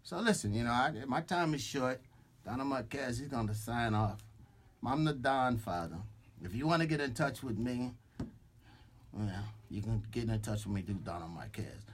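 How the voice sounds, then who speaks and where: A man's voice: mid-range voice, animated, moderate pace, a little hiss or hum. A man hosting a live radio talk show from a studio microphone, thanking a guest and laughing between words. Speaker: radio host.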